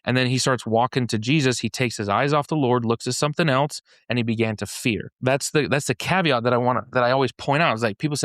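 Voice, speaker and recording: A man's voice: medium pitch, fast talker, hardly any pauses, fairly bright tone, no echo, studio quality. A man in a casual podcast conversation, retelling scripture stories in everyday slang and often restarting his sentences. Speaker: podcast speaker explaining a faith-based framework. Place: podcast studio in Utah.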